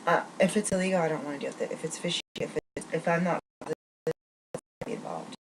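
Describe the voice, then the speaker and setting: A woman's voice: deep voice, very animated, brisk, vocal fry. Agitated woman ranting over air-con hum. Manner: rambling, agitated ranting with many restarts. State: riled up, angry. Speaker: vlogger. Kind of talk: venting vlog monologue.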